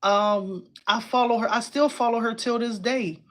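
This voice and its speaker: Speaking at a normal pace in a fairly high voice, this home crafting streamer keeps things relaxed and informal. She's bubbly and talkative, sprinkles in plenty of "y'all," and replies out loud to viewer comments.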